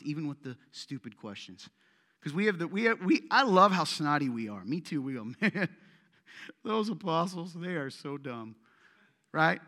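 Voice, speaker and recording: A man preaches to his congregation in a loose, conversational style and teases the people in the pews. His voice sits high and sounds bright. A long echo from a church hall trails each phrase. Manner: joking, teasing, conversational preaching. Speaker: pastor. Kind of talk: sermon. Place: church sanctuary.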